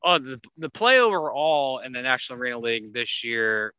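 A man hosting a casual sports podcast, talking in an animated way that gets higher when he drives a point home. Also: a little fast, clear, resonant tone, no echo, highs cut off. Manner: animated, rising pitch when making a point. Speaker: podcast host.

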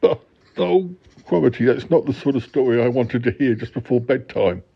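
A man's voice: medium pitch, lively intonation, moderate pace, creaky, slightly rough. A man voicing a fretful, prim grown-up who is being told a bedtime story and keeps objecting to it. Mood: upset. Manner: fussy, easily alarmed, prim objections. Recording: dull lo-fi recording.

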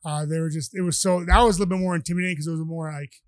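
Man, rambling storyteller, restarts a lot, fast talker, slightly high voice. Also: fairly even intonation, no echo. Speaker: guest. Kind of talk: casual storytelling.

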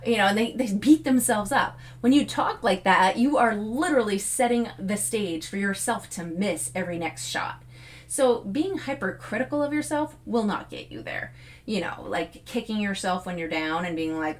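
A woman's voice: medium pitch, lively intonation, moderate pace. Woman podcast host, middle-aged, chatty motivational talk with easy laughs and fillers.

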